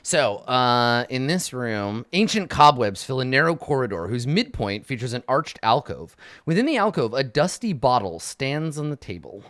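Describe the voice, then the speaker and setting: A man's voice: mid-range voice, sing-song, normal speed, a bit bright, no room sound, studio quality. A man narrating as game master, describing scenes loosely with lots of fillers.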